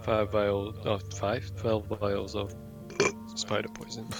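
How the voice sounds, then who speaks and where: A man's voice: fairly low pitch, monotone, takes it slowly, music in the background. A man playing in a tabletop game, chatting in an easygoing, light-hearted way. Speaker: player. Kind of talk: casual tabletop game chat.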